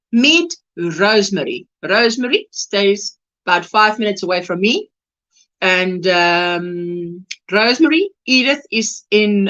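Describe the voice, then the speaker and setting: Casting note: woman with a bright, unhurried voice, Afrikaans speaker, a livestream host chatting with viewers and laughing often. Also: fairly high pitch. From South Africa. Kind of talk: casual livestream chat.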